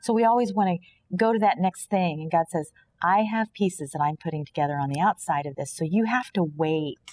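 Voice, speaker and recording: Guest, female, from Kansas: fairly low voice, earnest and preachy testimony, slips into quoted dialogue. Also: a little fast, darkish tone. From Kansas, USA. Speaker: podcast guest. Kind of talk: personal faith testimony in conversation.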